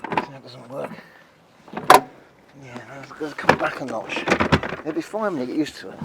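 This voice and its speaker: A man's voice: a little high, animated, moderate pace, vocal fry, long pauses, heavy background noise. A man chatting casually in a wry, self-mocking way while showing off the inside of a passenger van. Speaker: van reviewer. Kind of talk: casual hands-on vlog demo.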